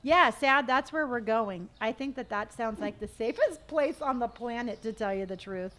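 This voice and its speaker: A woman's voice: fairly high pitch, normal speed, a bit bright. Chatty woman streaming a game. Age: middle-aged. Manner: chatty, reads viewer comments aloud and hums to herself. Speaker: live-streamer. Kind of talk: casual live-stream chat while gaming. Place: at home.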